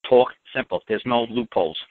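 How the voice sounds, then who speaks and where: A man's voice: medium pitch, fairly quick, no room sound. A man hosting a call-in radio show, talking bluntly and emphatically and repeating his points. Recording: dry, tinny phone-like audio.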